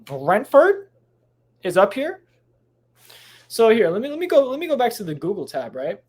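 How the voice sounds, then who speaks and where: A man's voice: high voice, huge pitch swings, brisk, a little mellow. A man hosting a solo podcast, rambling casually with lots of swearing, restarts and tangents, recording at home late at night. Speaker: podcast host.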